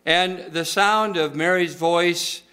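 A man's voice: high voice, steady tone, slow, bright, forceful tone. A male pastor preaching a sermon in a conversational, folksy way, with many filler uhs.

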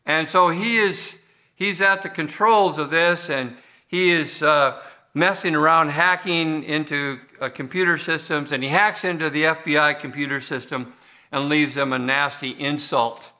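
A man's voice: a little high, fairly even intonation, a little slow, pushed and bright. A man preaching a sermon as pastor of a church, talking conversationally with frequent restarts and fillers.

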